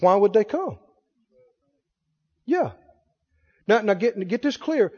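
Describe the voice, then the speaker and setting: A pastor with a very high voice preaches to his congregation and keeps firing questions at them. His voice rings through a large hall with a long tail of reverb. The recording is dull and lo-fi. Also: lively intonation, darkish tone. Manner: asks the congregation rapid questions. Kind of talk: sermon.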